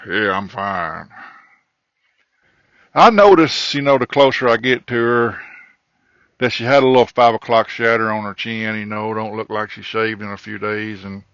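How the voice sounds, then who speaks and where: A man's voice: medium pitch, no room sound. A man, a trucker hosting a podcast, telling a crude comedic story in a rambling, profane way, recorded in his truck cab. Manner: profane, rambling, animated in the quoted parts. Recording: dull lo-fi recording, dry.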